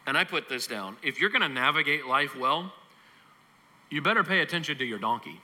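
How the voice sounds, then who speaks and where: A man preaching a sermon as pastor, telling a Bible story with animated acting-out of the characters. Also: fairly high pitch, brisk, long reverb tail.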